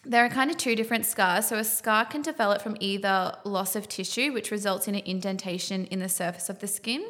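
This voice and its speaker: A woman's voice: medium pitch, a little fast, fairly bright tone. A tired woman with an Australian accent, co-hosting a beauty podcast in a chatty manner and laughing often. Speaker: podcast co-host, beauty nurse. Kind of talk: casual chat.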